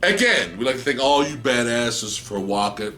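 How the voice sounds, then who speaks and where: A man's voice: medium pitch, lively intonation, moderate pace, bright, forceful tone, faint music behind. A man co-hosting a collecting video, tipsy from beer, giggling and fumbling his words as he chats casually. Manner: giggly, fumbling restarts, cursing. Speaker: co-host of a movie collecting channel.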